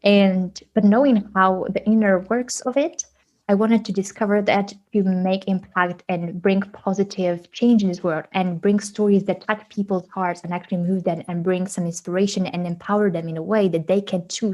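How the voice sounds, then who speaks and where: A woman guest, telling stories in a casual podcast interview and acting out quoted dialogue with big pitch jumps. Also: fairly even intonation, moderate pace, a little mellow. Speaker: podcast guest, autism advocate.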